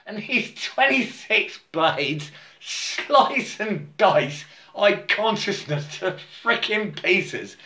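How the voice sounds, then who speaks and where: A man's voice: high voice, very animated, pushed and bright. A man talking in a rambling spiritual monologue, stammering, repeating himself and often checking in with his listener. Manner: halting and repetitive, stammers and keeps asking "yeah?". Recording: roomy echo.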